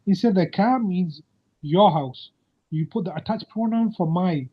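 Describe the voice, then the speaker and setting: A man's voice: high voice, unhurried, slightly rough. A man teaching an Arabic grammar lesson over a video call, patiently quizzing his student. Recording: muffled video-call audio.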